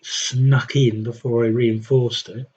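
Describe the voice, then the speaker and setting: Guy grumbling at his game on stream, bit husky, dull lo-fi audio. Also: mid-range voice, level tone, slow pace, darkish tone. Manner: wry muttering to himself, thinking aloud. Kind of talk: casual live gameplay commentary.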